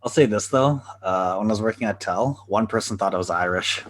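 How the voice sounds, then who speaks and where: A man's voice: on the low side, a little fast. A man co-hosting a podcast in casual chat, laid-back, swearing freely and laughing at his own jokes. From Canada. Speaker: podcast co-host.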